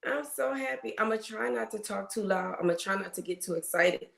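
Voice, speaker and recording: A woman's voice: medium pitch, steady tone, a little fast, vocal fry. A woman hosting a casual livestream as a nurse, chatting and greeting viewers by name, with a cough. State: has a cough. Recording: roomy echo.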